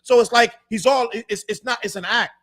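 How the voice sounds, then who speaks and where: Insistent high-pitched man holding the floor. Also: steady tone, a little fast, a bit bright. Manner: insistent, cuts in with repeated "no, no". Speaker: podcast host. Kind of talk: casual debate chat.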